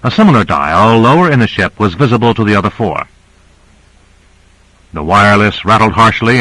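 A man narrating an audiobook in a measured, even reading style. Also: fairly low pitch, dry recording, poor audio. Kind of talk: scripted narration.

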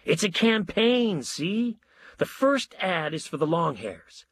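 A man voicing a bearded, brash ad writer who pitches ideas eagerly, in a husky voice. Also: big pitch swings, slow, a bit bright, no echo, heavily acted.

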